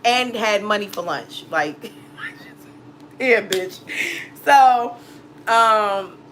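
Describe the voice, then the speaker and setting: A woman's voice: mid-range voice, expressive, extremely slow, noisy background. A woman telling a personal story in a casual vlog, emphatic and full of swearing, breaking into laughter. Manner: profane, emphatic, laughs often. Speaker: tarot reader telling a story.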